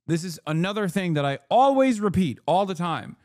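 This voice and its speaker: Male political streamer, slightly high voice, combative and foul-mouthed, dry close sound. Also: very animated, darkish tone, dry recording. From lives in California. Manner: profane, combative, rapid-fire. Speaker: political livestreamer. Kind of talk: ranting reaction commentary to live chat.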